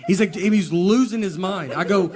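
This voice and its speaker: A man performing a stand-up comedy set, telling stories in a slow deadpan way with hesitant pauses. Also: sits high. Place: live comedy venue with audience. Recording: live show with audience laughter and background noise.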